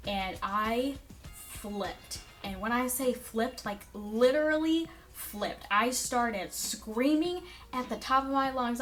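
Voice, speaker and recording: A woman's voice: on the high side, normal speed, fairly bright tone, soft background music. Chatty young woman vlogging. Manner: rambling, filler-heavy storytelling with frequent "like" and "um". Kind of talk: casual chat to camera.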